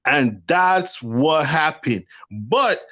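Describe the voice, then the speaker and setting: Man, panel guest, heated casual debate, swears a lot, high voice, swooping pitch. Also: very slow. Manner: animated and profane, repeats himself.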